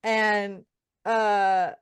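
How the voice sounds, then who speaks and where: A woman co-hosts a casual book podcast, speaking extremely slowly in a smooth, clear, medium-pitched voice. She swears freely and brings the scenes she recaps to life by quoting the characters. The sound is dry and close, without room echo.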